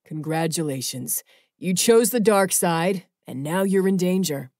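A woman's voice: on the low side, unhurried, mellow, no room sound, natural voice. A woman voicing Jamin, a sardonic young male angel in an audiobook, speaking with dry sarcasm. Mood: sarcastic.

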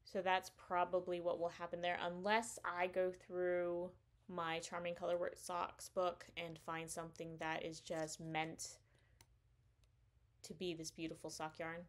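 A woman with a somewhat low voice chats casually as the host of a knitting podcast. She rambles enthusiastically, with plenty of fillers and little self-corrections, showing her purchases one by one. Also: monotone, measured pace. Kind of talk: casual show-and-tell chat.

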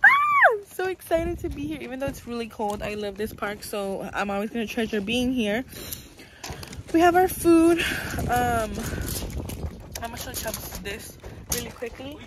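A woman's voice: a little high, expressive, moderate pace. A young woman chatting casually to her camera in a vlog, full of "like" and "um". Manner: chatty, fillers like "like" and "um". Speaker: vlogger. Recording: noisy background.

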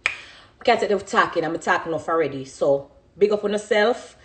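Her voice sits on the lower side yet sounds a bit bright, with lively intonation at a normal speed. She is a dancehall artist in her thirties with a Jamaican accent, speaking emotionally and off the cuff, emphatic and passionate about her career and brimming with gratitude.

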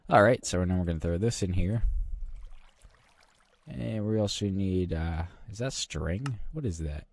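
A man with a very low voice talks his way through a video game in a casual, rambling way. He mutters half to himself and drops dry, self-mocking jokes along the way. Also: measured pace, long pauses, a little mellow, no room sound. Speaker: gaming channel host. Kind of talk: casual gameplay commentary.

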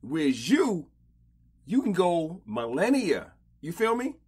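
A man hosting a casual podcast interview, slangy and animated, often repeating himself. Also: a little high, slow pace, breathy edge. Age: older. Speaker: podcast host.

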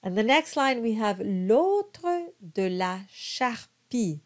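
Slow, patient female diction coach. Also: a little high, sing-song, darkish tone. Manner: patient, spells out letters and models each word slowly. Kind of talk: slow, careful pronunciation coaching.

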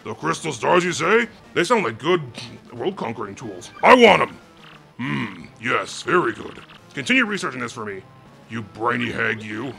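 A man voicing a gruff, bossy turtle king villain from a video game, sarcastic and blustering, over faint game music. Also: mid-range voice, sing-song, normal speed, pushed and bright, heavily acted.

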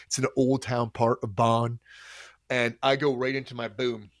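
A man coaching on a livestream, telling a story in a casual, animated and profane way. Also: mid-range voice, moderate pace, no echo, studio quality.

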